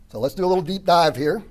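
A man preaching a sermon, explaining a passage in a relaxed, conversational way and often clearing his throat. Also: fairly high pitch. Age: 30s or older. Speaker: pastor. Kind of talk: sermon teaching.

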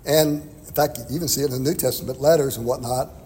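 A man's voice: medium pitch, fairly even intonation, fast talker, darkish tone, long reverb tail, slight background noise. A man preaching an expository sermon in a conversational way, chuckling now and then. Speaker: pastor.

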